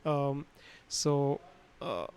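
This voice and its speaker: A man's voice: mid-range voice, expressive, drawn-out words, darkish tone, clear, resonant tone, low-quality recording. Casual man teaching sound basics. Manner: casual, digressive, many fillers and restarts. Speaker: instructor. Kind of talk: livestream lesson on sound. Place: his home room. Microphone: home studio microphone.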